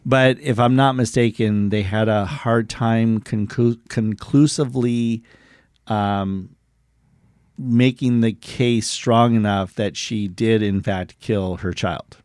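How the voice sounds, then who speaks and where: A man's voice: on the low side, steady tone, slow, darkish tone, clear, resonant tone, no echo, studio quality. A man co-hosting a podcast, casually retelling true stories, joking and laughing, sometimes stumbling over words. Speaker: podcast co-host.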